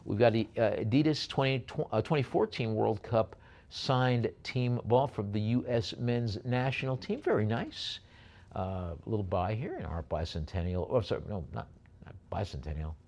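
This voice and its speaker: A man's voice: fairly low pitch, animated, darkish tone. Man calling bids at a live auction. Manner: brisk bid calling with jokey asides.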